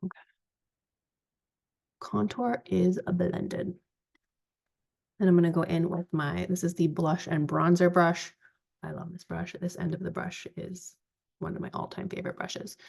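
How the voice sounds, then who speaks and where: A woman in her forties giving a chatty, relaxed step-by-step makeup tutorial. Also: lowish voice, a little slow, creaky, pauses often. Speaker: makeup vlogger.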